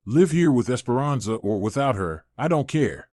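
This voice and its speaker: A man's voice: mid-range voice, animated, moderate pace, darkish tone, no room sound, close to an everyday voice. A man voicing a betrayed young woman who speaks firmly and coldly. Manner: firm, cold.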